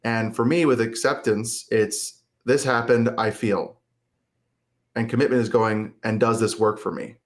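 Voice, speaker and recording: A man's voice: medium pitch, steady tone, unhurried. A man speaking as a therapist guest in a casual interview, explaining ideas and acting out inner self-talk in quoted lines.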